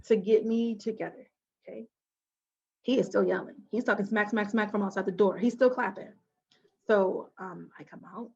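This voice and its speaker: A woman telling a personal story as an interview guest, her voice mid-pitched. She drops to hushed asides and bursts into loud exclamations. The audio is slightly dull and lo-fi. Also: a little fast, vocal fry.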